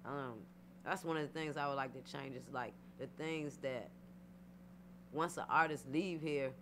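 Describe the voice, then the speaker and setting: A woman's voice: deep voice, a little slow. A woman guest artist, talking casually and animatedly in a radio interview with lots of fillers. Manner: rambling, animated, many fillers. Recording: steady background hum.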